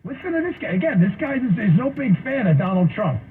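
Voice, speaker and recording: A man's voice: sits high, big pitch swings, fast talker, narrow, tinny audio, slight background noise. A man hosting a political talk show, mocking and sarcastic in his commentary.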